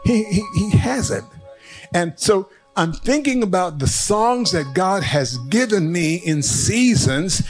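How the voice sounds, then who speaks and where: An older man preaching a sermon, telling stories and swinging from hushed asides to rising, emphatic lines. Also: sits high, animated, slow, soft background music. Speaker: pastor.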